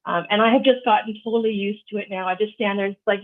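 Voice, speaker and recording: A woman storyteller telling a personal anecdote to an audience, lively and acting out the voices of her family. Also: medium pitch, fast talker, few pauses. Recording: tinny phone-like video call audio.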